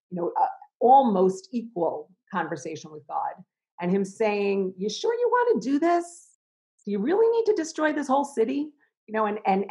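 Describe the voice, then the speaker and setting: Low-voiced reflective woman speaking. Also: gravelly, poor audio. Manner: thoughtful, with many restarts and soft laughs. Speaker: interviewee, educator and chaplain. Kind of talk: reflective conversational interview.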